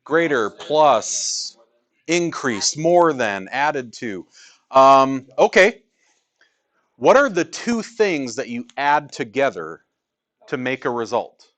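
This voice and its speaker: A man's voice: mid-range voice, sing-song, slow, fairly bright tone. A male math teacher teaching a class in a classroom, joking with students and asking rhetorical questions.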